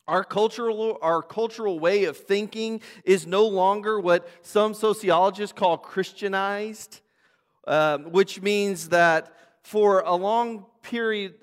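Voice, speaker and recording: A man's voice: a little high, fairly bright tone. A man pastor delivering a sermon with prayer and scripture reading, earnest, with fillers and restarts. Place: church sanctuary. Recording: long church reverb.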